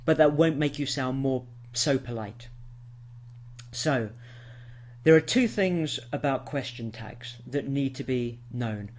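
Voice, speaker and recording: A man giving an English lesson in a patient, explaining voice. His pitch sits in the middle of the range for a man, and he talks learners through each point clearly. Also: slow pace, darkish tone. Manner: clear, patient explaining with spoken example sentences. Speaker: English teacher. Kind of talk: scripted lesson to camera.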